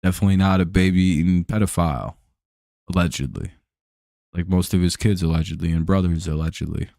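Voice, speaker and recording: A man's voice: deep voice, fairly even intonation, a little fast, creaky, dark tone, no room sound, clean studio sound. An American man putting on a mocking impression of a posh British man, piling up stereotype lines.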